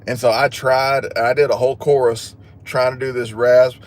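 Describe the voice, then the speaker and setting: He speaks at a moderate pace in a medium pitch with a flat delivery. As host of a relaxed livestream, the man goes through viewer comments, chats, and pokes fun at himself with a laugh.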